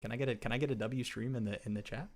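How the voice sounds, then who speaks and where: A young man chatting casually on a live stream as he drafts fantasy football, excitable and rambling, often restarting his sentences. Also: mid-range voice, racing. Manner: excitable, rambling, self-interrupting.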